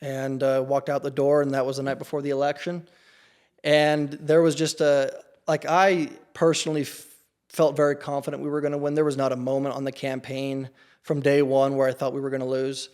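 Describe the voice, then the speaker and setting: Flat-voiced man telling a story. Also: medium pitch, brisk, clean tone. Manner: earnest, with frequent restarts and fillers. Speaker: campaign staffer, podcast guest. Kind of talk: casual interview storytelling.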